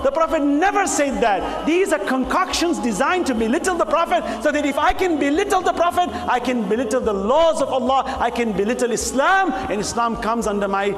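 Man, sermon, emphatic and rhetorical, occasional shouts, echoey hall, music playing behind. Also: extremely high pitch, expressive, fairly quick. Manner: emphatic, rhetorical, acts out dialogue, bursts into shouts. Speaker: preacher.

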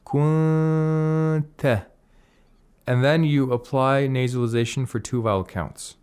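A man's voice: mid-range voice, moderate pace, darkish tone, clean tone. A man patiently explaining Arabic pronunciation rules on a radio lesson, reciting short Arabic phrases as examples. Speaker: Quran recitation teacher.

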